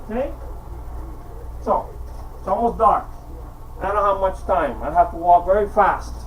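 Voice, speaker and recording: A man with a fairly high voice chatting casually to his camera. He rambles and hesitates, filling gaps with "uh" and drawn-out pauses. He talks slowly and unhurriedly. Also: expressive, a little hiss or hum, rough recording. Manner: rambling, hesitant with many fillers. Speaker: home video maker. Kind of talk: casual vlog chat.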